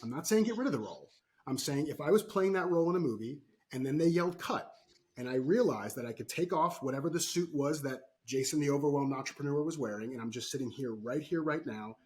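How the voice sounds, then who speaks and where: A man who works as a performance coach, a podcast guest who tells animated stories and keeps checking in with "right?". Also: fairly high pitch, fast. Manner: animated storytelling, frequent "right?" tags. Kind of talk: podcast interview.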